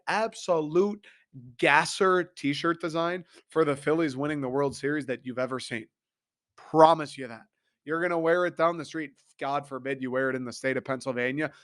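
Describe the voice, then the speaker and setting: Ranting young podcast host, higher voice. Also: male voice. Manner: profane, laughing, ranting. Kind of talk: casual sports podcast rant.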